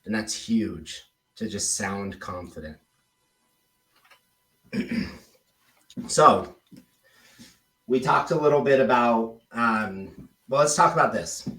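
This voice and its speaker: A man's voice: on the low side, slow, pauses often, far from the mic. Man coaching sales in an echoey room. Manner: relaxed, demonstrates tone with example phrases. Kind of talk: casual one-on-one coaching. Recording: roomy echoey recording.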